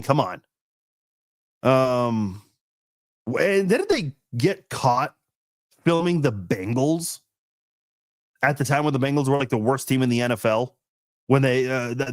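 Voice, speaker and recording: A man's voice: medium pitch, no room sound. A man hosting a casual live-stream chat, reading viewers' comments in a rambling, laid-back way with frequent laughs, fillers and restarts.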